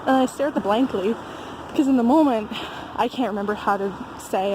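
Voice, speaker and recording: A chatty young woman from the United States talks to her camera on a walk through a snowy mountain village, with frequent laughs and fillers. Her voice sits a little high. Faint outdoor ambience runs behind her. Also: fairly quick, noisy background. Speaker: travel vlogger. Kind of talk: casual chat while walking.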